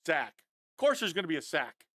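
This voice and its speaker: A man breaking down football game film on a live stream, animated and fired up, talking straight to his viewers. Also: on the high side, a little fast, dry recording, clean studio sound. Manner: addresses viewers as guys, often adds okay.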